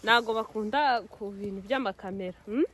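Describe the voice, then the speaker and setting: A woman's voice: medium pitch, a little fast, fairly bright tone. A young woman with a Rwandan accent filming a casual vlog outdoors in the snow with her son, coaxing him along, mixing English with Kinyarwanda and laughing often. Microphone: phone camera.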